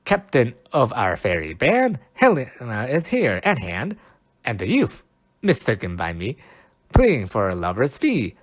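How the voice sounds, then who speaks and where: A man cold-reading the lines of a mischievous male fairy sprite from old verse, slowly and carefully, stumbling over the old words. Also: medium pitch, wildly swooping pitch.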